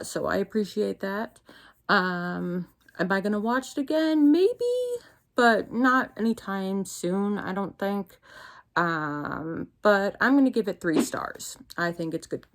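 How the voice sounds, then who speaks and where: A young woman with a New Jersey accent, chatting casually and rambling as she reviews shows on her vlog. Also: lowish voice. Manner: rambling, chatty, self-interrupting. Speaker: YouTuber.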